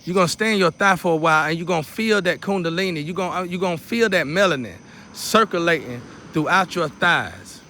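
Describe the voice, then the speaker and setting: A man with a fairly high voice leads a guided meditation in a loose, chatty way. He repeats his steps over and over and slips in preacherly asides as he teaches. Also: expressive, brisk, pushed and bright, slight background noise. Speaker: spiritual teacher.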